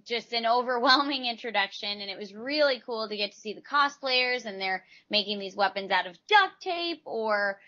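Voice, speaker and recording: A woman's voice: on the high side, lively intonation, moderate pace, hardly any pauses, bright, forceful tone, muffled recording. A woman from Texas, a voice actress answering interview questions in a chatty, rambling way, often restarting her sentences. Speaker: voice actress, guest.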